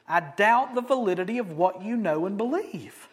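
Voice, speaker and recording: A male pastor delivers a sermon in a high, light voice. His tone is casual and joking. He punches key words loudly, then drops to hushed, almost whispered asides. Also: animated, moderate pace, hardly any pauses, slightly rough. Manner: emphatic, swinging between loud stresses and soft asides; conversational, joking preaching.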